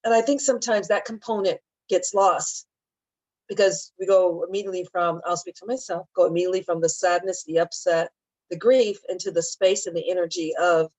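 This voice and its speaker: A middle-aged woman speaking as a spiritual teacher, talking gently and emotionally about grief and often repeating her phrases. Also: fairly low pitch, steady tone, moderate pace, no room sound, highs cut off. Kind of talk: heartfelt talk on grief.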